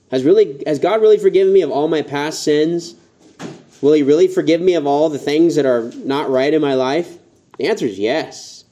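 A man pastor preaching a conversational sermon, voicing quotes with animated emphasis. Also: fairly high pitch. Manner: conversational, rising emphatic tones when quoting.

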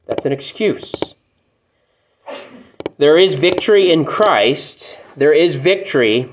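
A man's voice: fairly high pitch, slight background noise. A man preaching a sermon to a room of people, talking to them plainly and often asking them rhetorical questions. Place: church room with congregation.

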